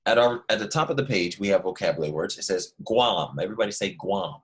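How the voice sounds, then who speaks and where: A man with a lowish voice leads a first-grade class through a lesson. He speaks slowly and plainly, repeats the key words, and often asks the children to say them back to him. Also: animated. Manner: slow and clear, repeating key words, call-and-response prompts.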